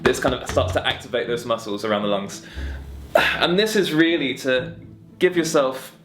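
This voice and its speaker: A young man teaching a singing warm-up lesson in a relaxed, friendly, chatty way, talking through stretches and vocal exercises. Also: mid-range voice, moderate pace, background noise. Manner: relaxed, friendly and chatty, demonstrating hums and sung syllables. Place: home music room with guitars on the walls.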